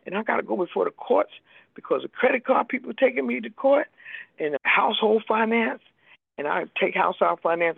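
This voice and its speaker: In a thin, phone-like radio recording that sounds close and dry with no echo, an older woman shares her recovery story. Her voice is deeply gravelly, and she tells it emphatically, driving each point home and voicing the people she quotes.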